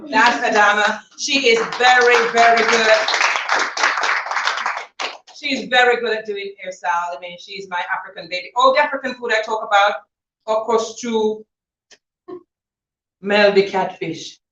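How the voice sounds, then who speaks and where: A woman giving a chatty, laughing thank-you speech to guests at her book launch, telling lively stories. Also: a little high, unhurried, long pauses, very noisy. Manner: chatty, laughing, animated storytelling. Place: event hall. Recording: dull, roomy, from far off.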